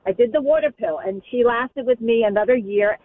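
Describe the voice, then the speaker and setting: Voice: mid-range voice, a little fast. A caller to a radio talk show, speaking in a heartfelt, rambling way. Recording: phone line with faint noise.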